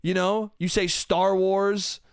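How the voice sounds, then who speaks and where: A man's voice: high-pitched, flat delivery, slow, creaky, clean tone, dry recording. A young man hosting a solo comedy podcast, telling an exasperated, profane story close to the mic and mimicking people he quotes. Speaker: podcast host.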